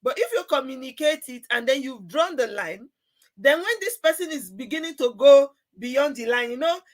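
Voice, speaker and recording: A woman's voice: sits high, lively intonation, moderate pace. A woman hosting a talk show, speaking emphatically and drawing on sayings. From Nigeria. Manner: emphatic, uses proverbs and laughs along. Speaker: host.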